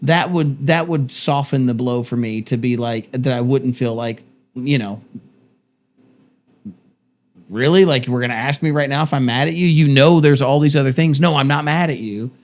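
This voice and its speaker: A man's voice: mid-range voice, normal speed. A middle-aged pastor co-hosting a casual marriage podcast with his wife, telling stories animatedly and interrupting himself playfully. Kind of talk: casual marital chat.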